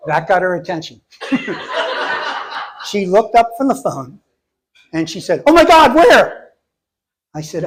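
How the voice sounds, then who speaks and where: A middle-aged man telling funny stories on stage, self-deprecating and deadpan, often laughing at his own lines. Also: on the high side. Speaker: storyteller. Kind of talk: live comic storytelling. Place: stage before a live audience.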